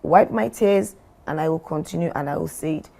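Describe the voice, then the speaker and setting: A middle-aged woman from Nigeria, a former company chief, speaking deliberately as a guest in a podcast interview. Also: deep voice, creaky, dark tone. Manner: measured, deliberate, role-plays what she would say.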